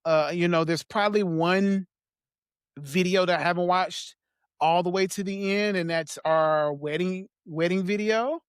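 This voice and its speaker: A man as a podcast guest, talking in a soft, halting way with small laughs as he reflects on personal memories. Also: sits high, smooth, dry recording, clean studio sound.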